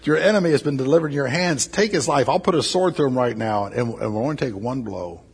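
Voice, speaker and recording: A man voicing an eager male soldier in a sermon retelling, speaking quickly and urgently. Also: medium pitch, gravelly, breathy edge, long reverb tail.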